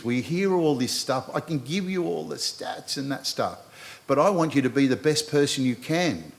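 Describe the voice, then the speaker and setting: An Australian man in his sixties, speaking earnestly on a live panel and addressing the audience directly, with frequent repetition. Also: medium pitch. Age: 60s. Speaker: panel speaker and university lecturer.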